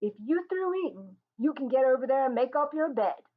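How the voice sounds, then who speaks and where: A woman reading as a sharp-tongued tired mother. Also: sits high, animated, a little fast, voice pushed up. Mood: stern. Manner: scolding, blunt, impatient. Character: weary, sharp-tongued young mother and wife. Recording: tinny phone-like sound.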